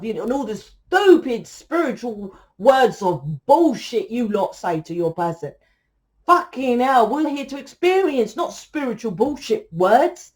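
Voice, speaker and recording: A woman's voice: a little high, animated, unhurried, a little mellow. A woman giving a casual tarot reading, blunt and lecturing, swearing freely as she talks to her viewers. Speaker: tarot reader.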